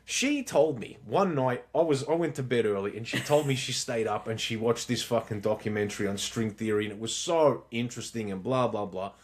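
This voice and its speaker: A man's voice: mid-range voice, a little fast, hardly any pauses. A man, co-hosting a podcast and telling stories in casual chat, swearing freely. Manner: animated storyteller, swears freely. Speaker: podcast co-host.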